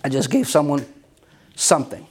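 Emphatic preaching man, high voice. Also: big pitch swings, moderate pace, slightly rough. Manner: emphatic, conversational preaching with self-deprecating humor. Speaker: pastor. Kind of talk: sermon.

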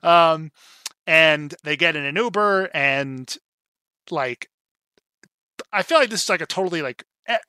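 Young guy chatting about a movie, bright tense voice, bit high, dead dry sound, lots of ums. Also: expressive, a little slow, long pauses, clear, resonant tone, no echo. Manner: chatty, rambling with many fillers and acted-out quotes. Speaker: film discussion co-host. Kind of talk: casual film recap chat.

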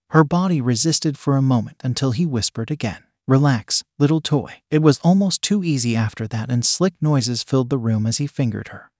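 A man narrating an adult romance story at a steady, unhurried pace. His voice sits in an ordinary middle pitch, and the recording is dry and close. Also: no echo.

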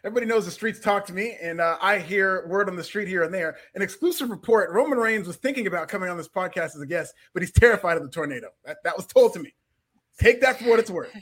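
A man co-hosting a podcast, talking excitedly and joking about wrestling in casual chat. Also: high voice, fast. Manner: excitable, jokey, laughs often. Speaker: podcast co-host.

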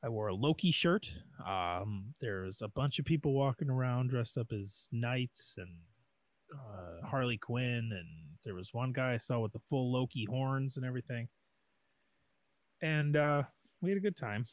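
Man, animated storyteller, podcast cohost, dry sound. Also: medium pitch, measured pace, no echo. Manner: animated, jokey storyteller, acts out quotes. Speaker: podcast co-host. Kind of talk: casual chat, storytelling.

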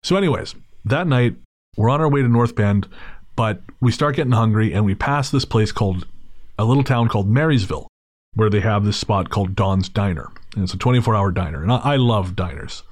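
A man's voice: fairly low pitch, brisk, dry recording, clean studio sound. A man hosting a podcast, telling a story in a casual, wry and digressive way, with frequent restarts. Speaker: podcast host.

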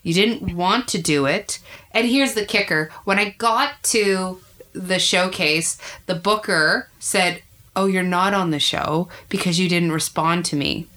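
This guest is a comedian, a woman in her thirties, speaking in a fairly low, unhurried voice. In a relaxed conversation she shares frank, foul-mouthed anecdotes with lively energy.

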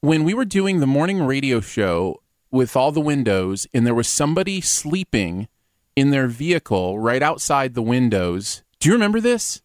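A man's voice: mid-range voice, normal speed, no echo, clean studio sound. A man co-hosting a radio show, joking and laughing often in casual news chat. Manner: animated, laughs often, jokey. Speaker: radio co-host.

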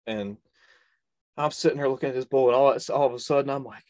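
A young adult man, a hunter and video creator appearing as a guest, tells a personal hunting story in conversation, earnest and emphatic, repeating phrases for stress. His medium-pitched voice is steady, fast, and darkish, with no echo.

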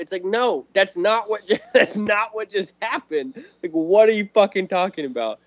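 Animated, laughing man ranting about a movie. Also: sits high, normal speed. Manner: animated, laughing, profane storytelling. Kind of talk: casual movie-talk podcast chat. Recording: dull lo-fi recording.

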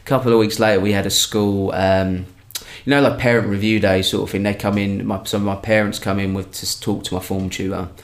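A young man tells a story in a relaxed, chatty way. His voice sits on the low side, and he keeps restarting and correcting himself as he goes. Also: a little fast. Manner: rambling, self-correcting anecdote telling. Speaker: comedian guest. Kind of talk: casual storytelling.

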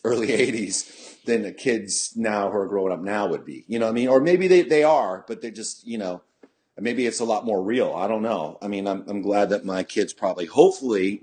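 A middle-aged man from California with a husky, slightly low voice spins a long story as a podcast guest. He rambles, swears freely and restarts often, leaning on "you know". The sound is close and dry, with no room around it. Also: a little mellow, dry recording. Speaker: podcast guest, punk musician. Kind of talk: casual storytelling chat.

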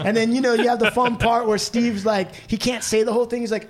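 A man's voice: very high voice, fairly even intonation, quick pace, few pauses, crowd noise. A man hosting a podcast, speaking reflectively in a casual conversation and often tagging his points with "right?". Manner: reflective, keeps adding "right?". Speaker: podcast host.

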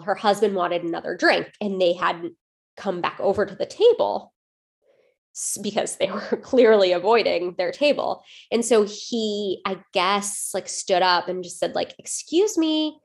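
A woman co-hosting a podcast, telling a story in casual chat with lots of fillers and restarts. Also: lowish voice. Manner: animated storytelling, many fillers. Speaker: podcast co-host.

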